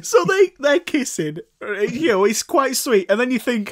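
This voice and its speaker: A young man hosting a casual film podcast from home, excitable and quick to laugh. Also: extremely high pitch. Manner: excitable, laughs often, shouts bits for comedy. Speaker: podcast host.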